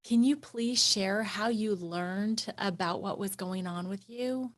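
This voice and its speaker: A woman hosting a podcast interview, reflecting back her guest's story and asking warm, affirming questions. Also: mid-range voice, slow. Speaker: podcast host.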